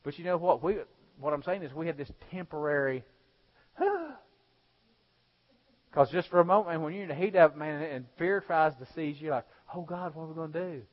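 A male pastor preaching a sermon, swinging between loud exhortation and hushed storytelling. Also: fairly high pitch, normal speed. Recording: dull lo-fi sound.

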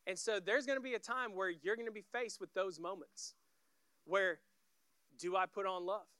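A man's voice: high-pitched, normal speed, pushed and bright, clear, resonant tone, no room sound. A man giving a sermon as a guest pastor, telling stories conversationally in short clipped phrases.

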